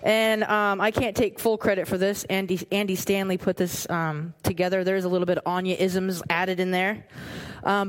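A woman preaching a sermon in a casual, animated way, often repeating phrases for emphasis. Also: mid-range voice. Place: church.

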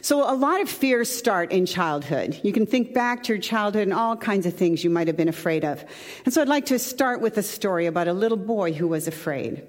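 A woman pastor giving a sermon in a relaxed, conversational way with personal asides. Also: mid-range voice, fairly quick, big-room sound.

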